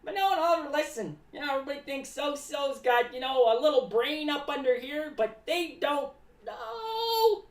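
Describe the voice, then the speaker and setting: Woman playing a high, singsong zany clown, third-person rambling, echoey room, set back from the mic. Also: expressive, normal speed, recorded from a distance. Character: rambling eccentric clown, paranoid about cats. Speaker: streamer in clown character. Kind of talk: live-stream clown character monologue.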